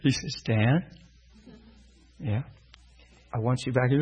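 A man's voice: medium pitch, slow, husky, lo-fi sound. A middle-aged man preaching, telling a personal story and acting out the dialogue with animation. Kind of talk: sermon storytelling.

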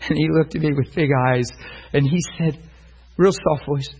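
A man's voice: fairly high pitch, normal speed, darkish tone, slightly rough, muffled recording. A man preaching a sermon, telling a story and acting out the voices of the people in it. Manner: storytelling, acts out voices in quotes.

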